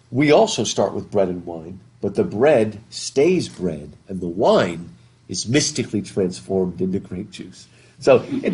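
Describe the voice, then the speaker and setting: A man's voice: mid-range voice, a little mellow, breathy edge. A middle-aged man giving a live classroom lecture as a literature professor, rambling, often repeating his words and putting questions to the class. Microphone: worn mic while masked.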